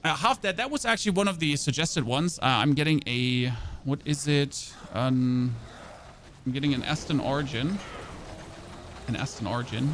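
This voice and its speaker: A little hiss or hum sits under this German-native streamer's mid-range, fairly bright voice as he talks at a moderate pace. Chatty and self-mocking, he rambles casually with his stream audience and keeps restarting his thoughts.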